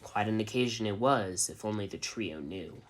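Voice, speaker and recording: A man narrating a fan fiction story in a deadpan, even reading voice. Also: lowish voice, moderate pace.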